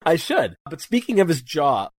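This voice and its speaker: A man's voice: a little high, huge pitch swings, moderate pace. A man co-hosting a podcast, talking eagerly about a film, laughing often and acting out lines from it. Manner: enthusiastic, laughs often, acts out movie lines. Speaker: podcast co-host. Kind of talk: casual film discussion.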